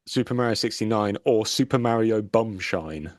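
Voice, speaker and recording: Cheeky low-voiced man. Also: normal speed, no room sound, clean studio sound. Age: 30s. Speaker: podcast co-host. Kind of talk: casual banter.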